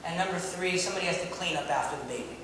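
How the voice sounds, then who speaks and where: A man's voice: sits high, rapid-fire. Pastor, male, playful call-and-response preacher, heard far off in a big reverberant church with room noise. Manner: lively, joking preaching with audience call-and-response. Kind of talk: sermon. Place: church sanctuary. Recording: echoey hall, mic far off.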